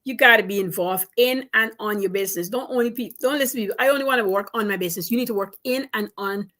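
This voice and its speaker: A woman business coach giving advice in an interview, animated and emphatic, repeating her points for stress. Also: mid-range voice, quick pace.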